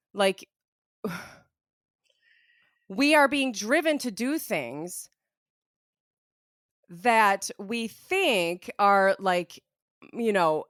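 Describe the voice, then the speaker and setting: A woman's voice: on the high side, no echo, studio quality. A young woman co-hosting a casual podcast, telling stories in a chatty way with lots of fillers. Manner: chatty, lots of "like", animated storytelling. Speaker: podcast co-host.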